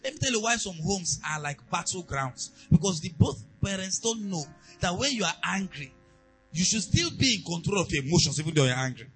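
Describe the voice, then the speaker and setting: A pastor preaching a sermon, moving between quiet asides and loud, emphatic exhortation. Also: male voice, sits high, very animated, fairly quick, faint music behind, rough recording.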